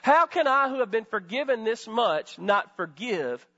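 A man's voice: very high voice, expressive, measured pace, bright, forceful tone, highs cut off. A middle-aged man preaching a sermon as pastor, full of rhetorical questions and calls to the congregation.

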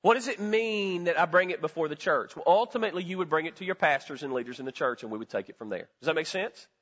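A man's voice: on the high side, lively intonation, quick pace, fairly bright tone, in a large hall, highs cut off. A male pastor giving a sermon in a conversational, folksy way, often putting questions to the congregation. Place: church sanctuary.

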